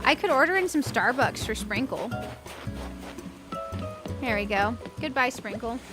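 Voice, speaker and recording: A woman's voice: fairly high pitch, animated, measured pace, over music. A woman streaming a video game, chatting casually, reading chat aloud and ranting playfully with frequent giggles. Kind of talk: casual live-stream chat while gaming.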